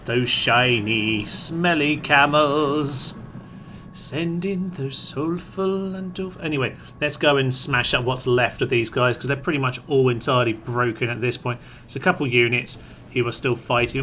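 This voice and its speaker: A man talks through a strategy game in casual let's-play commentary, calling out orders to his units. His voice is bright and forceful at a middling pitch. A faint ambient hum sits under the recording. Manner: chatty, playful, addresses troops aloud. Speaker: gaming commentator.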